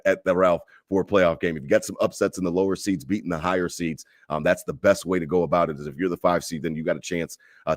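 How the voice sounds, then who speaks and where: A man's voice: deep voice, no room sound, studio quality. A man co-hosting a sports podcast, giving blunt, opinionated takes in casual chat and repeating himself when fired up. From Buffalo area fan living in Charlotte. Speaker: podcast co-host.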